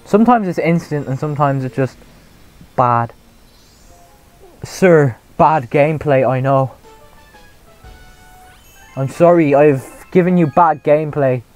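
A young man chatting casually while streaming a game, mocking his own play, reacting out loud and laughing often. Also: fairly high pitch, takes it slowly, long pauses, faint music behind, rough recording. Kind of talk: casual live gameplay commentary.

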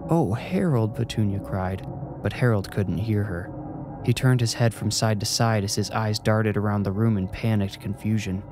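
A man narrating a horror story in a calm, measured way. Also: lowish voice. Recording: music playing behind.

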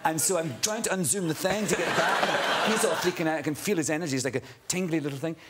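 A middle-aged man with a Scottish accent, a chat show guest telling a lively anecdote and acting out other people's voices. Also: fairly high pitch, quick pace. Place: TV studio with live audience. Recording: studio audience laughter and noise.

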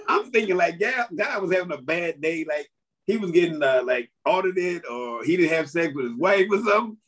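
Comedian guest, male, husky and high-pitched, swings his pitch a lot; animated joke-teller. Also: moderate pace. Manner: animated, laughs through his stories. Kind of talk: casual chat explaining jokes.

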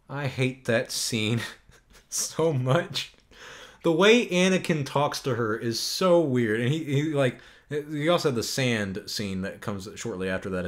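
A young man hosting a casual podcast, answering viewer questions in an animated, rambling way, laughing and swearing. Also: medium pitch. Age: young adult. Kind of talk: casual chat.

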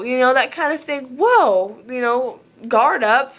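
A woman's voice: high-pitched, expressive, slow pace, a bit bright. A woman from Southern Oregon talking casually to camera in an earnest, rambling way, full of filler words. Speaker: vlogger.

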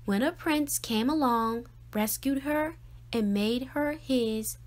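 A woman reading a children's picture book aloud in a slow, expressive, sing-song way. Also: a little high. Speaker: storyteller.

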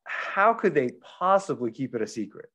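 A man's voice: mid-range voice, very animated, moderate pace, fairly bright tone, lo-fi sound. A man retelling a book plot in casual chat as a podcast reviewer, rambling with lots of fillers.

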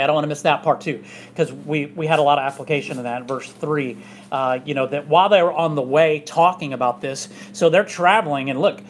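Pastor guy preaching loose and chatty, voice a little high, faint hum behind. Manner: conversational, chatty, with frequent fillers and asides. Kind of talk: casual expository sermon. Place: church sanctuary.

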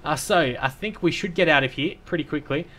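A man's voice: a little high, fairly quick, pushed and bright, a little hiss or hum. A man giving casual, rambling commentary while playing a city-building game, with lots of fillers and restarts. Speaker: let's play commentator.

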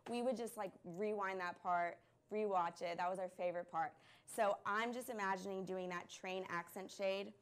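A woman's voice: medium pitch, fairly even intonation, moderate pace, hardly any pauses. A woman hosting a live product stream, chatting casually and gushing over the items with plenty of "um" and "like.".

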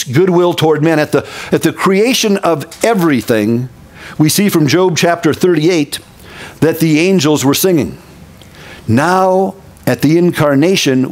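A man's voice: a little high, a little mellow. A middle-aged male pastor from Minnesota giving a casual, folksy sermon with candid conversational asides.

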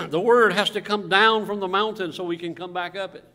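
Pastor, man, high bright voice, preaching with questions and amens, church reverb. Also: steady tone, normal speed. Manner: preaching, asks rhetorical questions, calls for amens. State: coughing at times. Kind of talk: sermon with congregational reading. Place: church sanctuary.

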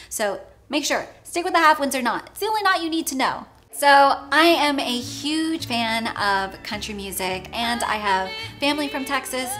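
A woman's voice: fairly high pitch, fairly bright tone. Emphatic woman giving style advice. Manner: emphatic and opinionated. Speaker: menswear advice host. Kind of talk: instructional fashion vlog.

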